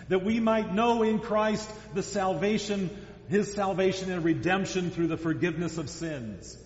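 A male pastor preaching a sermon in an earnest, emphatic manner, often repeating himself for stress. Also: a little high. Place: church sanctuary. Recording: echoey church hall, dull lo-fi sound.

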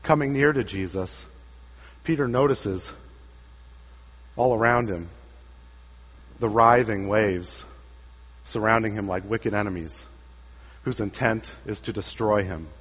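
A man preaching a dramatic sermon, his voice swelling for quoted cries and sinking low for the solemn moments. The sound is a bit dull and muffled, with a long reverb trailing off every phrase. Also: slow, long pauses, slightly rough. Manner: dramatic, rises for quoted cries and drops low for quiet lines.

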